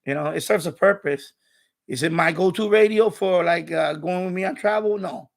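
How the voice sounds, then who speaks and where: A man's voice: high voice, normal speed, vocal fry. A man hosting a live stream, chatting casually and rambling, with many restarts and repeated phrases.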